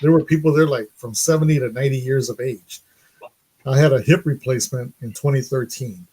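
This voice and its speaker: A man's voice: medium pitch, brisk, dark tone, breathy edge. Middle-aged man, live stream host, easygoing chatter with frequent laughs. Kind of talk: casual live stream chat.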